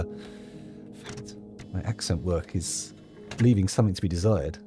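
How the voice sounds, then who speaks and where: A man's voice: deep voice, unhurried, pauses often, mellow, soft background music. A man hosting a gameplay video, thinking aloud in a jokey, self-deprecating ramble. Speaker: gameplay host. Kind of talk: rambling let's-play commentary.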